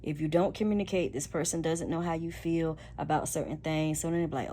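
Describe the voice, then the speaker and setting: A woman with a deep, mellow voice gives relationship advice in a casual, preachy monologue. She talks loud and leans hard on her points. A faint hum of noise sits behind her. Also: fairly even intonation, brisk.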